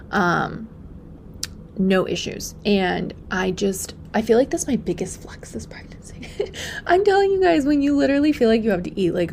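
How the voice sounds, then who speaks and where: A young pregnant woman hosting a casual solo podcast. She talks in a chatty way and often drops to a soft, breathy near-whisper. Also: lowish voice, slight background noise. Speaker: podcast host and functional practitioner.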